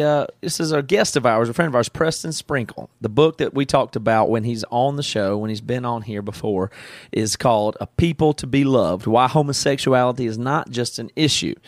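Steady podcast co-host, dry close mic. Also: male voice, medium pitch, dry recording. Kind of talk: casual chat and promo read.

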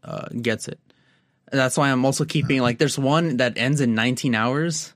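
A man's voice: mid-range voice, moderate pace, a bit bright, dry recording. Man, podcast co-host, rambling, filler-heavy, swearing, dry close recording. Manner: rambling, frequent fillers, cursing. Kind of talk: casual chat.

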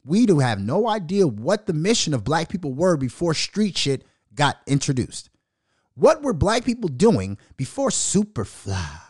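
A man hosting a podcast in a heated, profane rant, his voice swinging widely up and down as he pushes his points. He sits a little higher than most men, and the sound is dry and close with no room around it. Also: darkish tone, no room sound. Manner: aggressive, profane and venomous. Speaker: podcast host.

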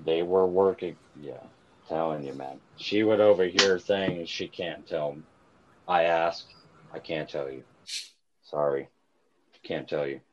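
A man's voice: low-pitched, slow pace, pauses often, darkish tone, highs cut off, a little hiss or hum. A man in a casual group chat, rambling and swearing a lot, earnest as he tells stories. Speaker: guest on a cannabis livestream chat.

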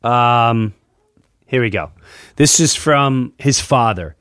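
A man's voice: mid-range voice, takes it slowly, pauses often, smooth, dry recording. Laughing male podcast host, dry mic. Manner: animated, laughing, joking. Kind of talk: casual chat and reading a letter aloud.

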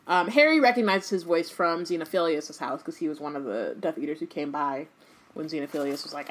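A woman co-hosting a casual book chat, reading passages aloud and joking with quick character voices. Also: lowish voice. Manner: animated, jokey, slips into quick character voices. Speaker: podcast co-host reading and discussing a book.

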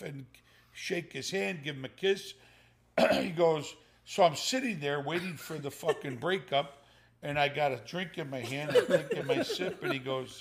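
Older man, animated storyteller, swears a lot, voice a bit high, casual chat. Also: normal speed, creaky. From Sicilian heritage. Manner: animated storyteller, swears freely, acts out quotes. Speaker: father telling a story.

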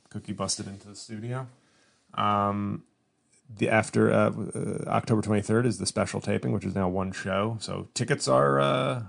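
A man's voice: fairly low pitch, creaky. A man hosting his own comedy podcast from a home studio, talking casually and rambling with lots of restarts. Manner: rambling, self-interrupting, mock-whiny when imitating fans. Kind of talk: casual solo podcast monologue.

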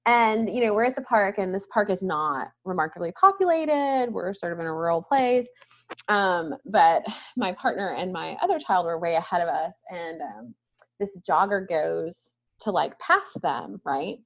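A woman's voice: lowish voice, expressive, normal speed, a bit bright, highs cut off. A woman in her thirties talking as a guest in a casual conversation, thoughtful and often ending points with a questioning "right?".

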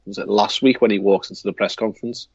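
A husky, lowish, darkish voice with a steady tone belongs to a Liverpool-accented podcast co-host who talks fast. He rambles casually and hesitantly, full of fillers and restarts, on a lo-fi recording with no echo.

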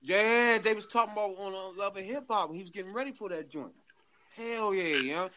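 A man telling a story in casual chat, animated and laughing, full of slang. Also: high voice, fairly quick.

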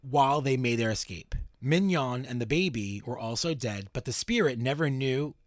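A man's voice: medium pitch, animated, normal speed, dry recording. A man hosting a podcast and summarizing a story casually, with fillers and the odd swear. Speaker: podcast host.

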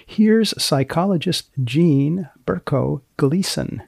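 A man's voice: fairly high pitch, expressive, takes it slowly, creaky, heavy background noise. A man hosting a podcast, prompting his guest with brief, dry questions. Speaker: podcast host. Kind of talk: podcast interview.

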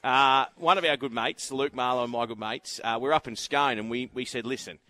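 A man's voice: mid-range voice, fairly quick, bright, forceful tone. An Australian man presenting horse racing from the road, telling rambling anecdotes in casual radio chat and laughing often.

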